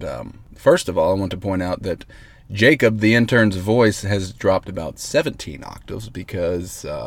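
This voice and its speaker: A man hosting a comedic mock radio broadcast, excitable, rambling and mock-earnest, talking from inside a parked car. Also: fairly low pitch, no echo. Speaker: host. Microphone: close mic in a parked vehicle.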